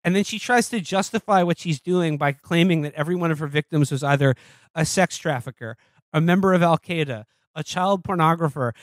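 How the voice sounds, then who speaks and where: A man's voice: fairly high pitch, a little fast, no room sound, studio quality. A man co-hosting a podcast, reviewing a film in rambling, sarcastic casual chat. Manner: rambling, sarcastic, acts out scenes in silly voices. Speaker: podcast co-host.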